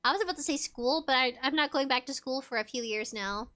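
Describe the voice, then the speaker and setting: A woman's voice: high-pitched, quick pace, bright, forceful tone. A young woman streaming a game, chatting casually and giggling as she reads chat aloud.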